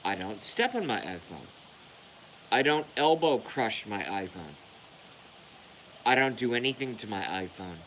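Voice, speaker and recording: A man's voice: on the low side, big pitch swings, a little slow, pauses often, fairly bright tone, slight background noise, rough recording. A man delivering a heated, profane rant to the camera as a vlogger. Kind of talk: angry rant.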